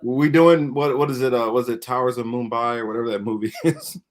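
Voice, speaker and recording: A man co-hosting a casual talk show, joking around in an animated way. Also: mid-range voice, fairly quick. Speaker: podcast co-host. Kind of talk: casual chat.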